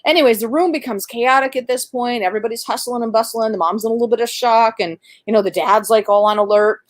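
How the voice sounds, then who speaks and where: A woman who works as a midwife and doula tells a birth story in an animated, conversational way, with plenty of fillers. Her voice sits at a middle pitch. The recording is dry and close. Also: quick pace, dry recording.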